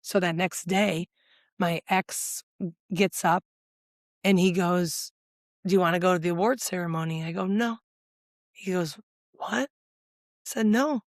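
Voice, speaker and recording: A woman's voice: lowish voice, unhurried, pauses often, no room sound, studio quality. A middle-aged woman, a life coach, talking as a podcast guest, telling her story candidly and acting out past conversations. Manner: animated, acts out past dialogue, gets emotional.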